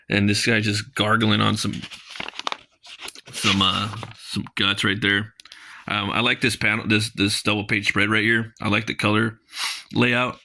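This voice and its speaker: A man's voice: on the low side, level tone, takes it slowly, creaky, long pauses, bright, forceful tone. A man casually reviewing a comic page by page, rambling with lots of fillers and reading dialogue aloud.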